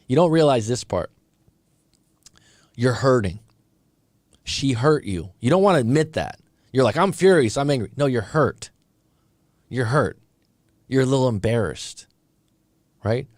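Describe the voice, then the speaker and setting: A man's voice: medium pitch, a little mellow, no room sound, studio quality. A middle-aged man hosting a breakup coaching stream, giving blunt, conversational advice to a viewer and often restarting his sentences. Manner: blunt, conversational, repeats and restarts, calls listener bro. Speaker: breakup coach and show host. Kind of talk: live-stream advice talk reacting to a viewer story.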